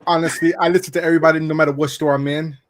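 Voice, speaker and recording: A man's voice: on the high side, little pitch movement, racing. A man joining a casual chat, chatty and self-mocking.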